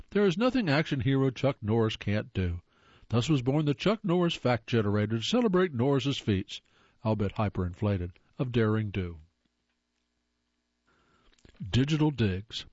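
A man's voice: medium pitch, sing-song, normal speed, a little mellow, dry recording, lo-fi sound. A man giving scripted comedic narration with a wry, playful delivery.

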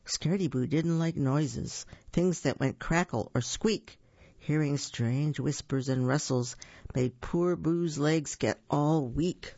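A storyteller reading children's picture books aloud in a lively, sing-song way with small slips, on a dull, dry lo-fi recording. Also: medium pitch, slow, creaky, no room sound.

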